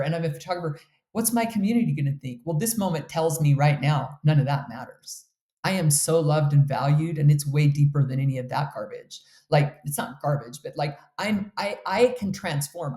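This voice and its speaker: A woman's voice: low-pitched, mellow, roomy sound. Earnest woman telling a heartfelt story. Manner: earnest, heartfelt, with fillers like "like" and "you know". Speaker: guest telling her life story. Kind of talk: emotional personal storytelling.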